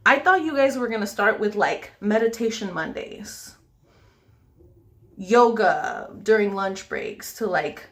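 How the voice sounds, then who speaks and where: A woman's voice: medium pitch, slow, fairly bright tone. A woman makeup vlogger ranting angrily with lots of swearing and pleading questions while she does her makeup. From United States. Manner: angry, profane, pleading.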